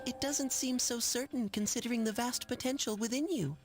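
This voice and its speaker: Woman voicing a mysterious game boy, calm, polite, soft, curious, fairly high. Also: brisk, over music, close to an everyday voice.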